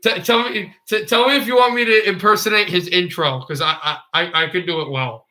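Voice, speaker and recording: A man's voice: sits high, fairly even intonation, a little fast, sharp tone, echoey room, rough recording. A young man from the United States giving casual play-by-play hockey commentary on a livestream, often stammering and repeating words.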